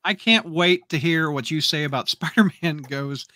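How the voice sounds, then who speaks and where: A man's voice: a little high, moderate pace, sharp tone, no echo. A man hosting a fan podcast, reading listener comments aloud and laughing often. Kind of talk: casual fan podcast chat.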